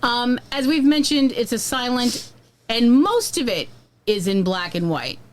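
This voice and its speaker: A woman's voice: on the high side, lively intonation, a little slow. A woman co-hosting a podcast, chatting casually and frankly about an old horror film. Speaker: podcast co-host. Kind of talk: casual film review chat.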